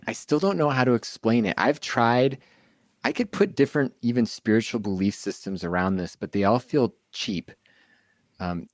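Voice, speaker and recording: A man's voice: on the low side, no room sound. A male podcast host speaking reflectively and hesitantly in a casual interview. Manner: soft-spoken, reflective, hesitant.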